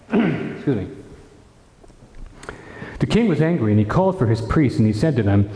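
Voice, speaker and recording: A man preaching at a retreat, telling the story in an animated way and acting out the characters' lines himself. His voice is mellow and dark, middle in pitch. It carries through a big hall with a long, echoing reverb. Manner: animated storytelling, acting out dialogue, frequent restarts. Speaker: friar preacher. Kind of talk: retreat talk retelling scripture.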